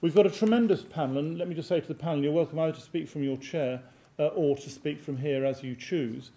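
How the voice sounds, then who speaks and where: An older British man chairing a panel debate in a formal, measured, enthusiastic way. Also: a little high, warm tone. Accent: British English. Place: large lecture hall.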